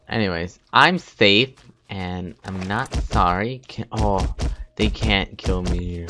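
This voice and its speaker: A man's voice: sits low, animated, slow pace, over music. A young man giving casual gameplay commentary, taunting other players and laughing often. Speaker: gaming YouTuber. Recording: faint game noise behind.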